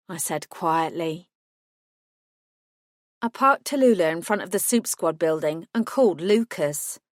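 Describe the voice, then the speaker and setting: A woman narrating a first-person audiobook in a steady, clear storytelling voice. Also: on the low side, measured pace, dry recording, clean studio sound.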